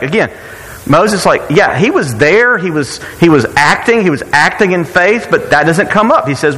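A man's voice: on the high side, big pitch swings, a little slow, pauses often, fairly bright tone, long reverb tail, low-quality recording. A man preaching a sermon in a conversational way, often repeating words and asking rhetorical questions. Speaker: pastor.

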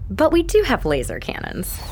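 A woman's voice: sits high, wildly swooping pitch, moderate pace, darkish tone, slight background noise, exaggerated voice. A woman voicing a supportive, matter-of-fact ally of the heroes.

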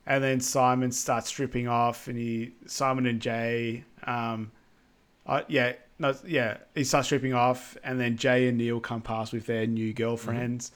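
A man with a mid-range voice chats his way through a film summary. He talks loosely, piling up fillers and tossing in quick asides as he goes. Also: mid-range voice, level tone, clear, resonant tone. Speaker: podcast co-host. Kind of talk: casual film recap chat.

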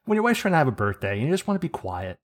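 A man's voice: medium pitch, racing. Man ranting in profane story. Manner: profane, animated ranting with laughs. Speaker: podcast co-host. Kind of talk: casual podcast storytelling.

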